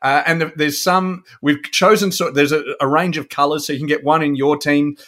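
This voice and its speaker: A man's voice: fairly high pitch, steady tone, fairly quick, a bit bright. Easygoing middle-aged Australian man. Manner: easygoing, rambling, hesitant fillers. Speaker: co-host. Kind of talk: casual chat.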